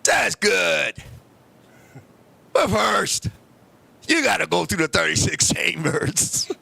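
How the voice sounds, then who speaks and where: A man putting on a gruff, sly, bossy old grandfather who taunts in a drawn-out way. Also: high voice, big pitch swings, pushed and bright, voice pushed down, exaggerated voice. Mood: taunting.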